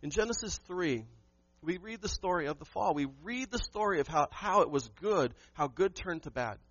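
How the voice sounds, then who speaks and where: A pastor delivers a Sunday sermon with emphatic punches and rhetorical questions thrown to his congregation. His voice sits a touch high for a man. The sound is dry and slightly dull, with no room ring. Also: animated, moderate pace, a bit bright, dry recording.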